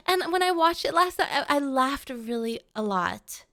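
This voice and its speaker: A woman's voice: high voice, expressive, a little slow, sharp tone. A woman streamer chatting casually with her live chat, playful and melodramatic, often pleading with viewers.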